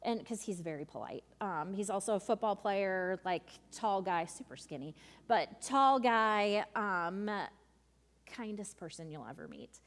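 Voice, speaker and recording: A woman's voice: lowish voice, moderate pace. A woman youth leader giving a workshop talk, chatty and full of ums and asides as she tells stories. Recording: long reverb of a large room.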